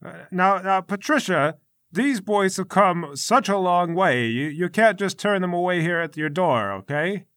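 A man's voice: high voice, animated, a little slow, a bit bright, no echo, clean studio sound, pitched above the performer's own voice. A man voicing a fussy, flustered old male village elder who stammers and hesitates, in a tabletop game. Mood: pleading.

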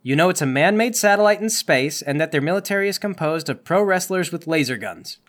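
A man's voice: on the high side, lively intonation, fairly quick, a bit bright. A man running a tabletop game as game master, with dry, wry remarks. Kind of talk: tabletop game narration and banter.

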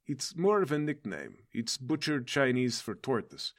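A man voicing a large male turtle-man smuggler with a Russian accent and a deadpan delivery. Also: medium pitch, a little slow, exaggerated voice.

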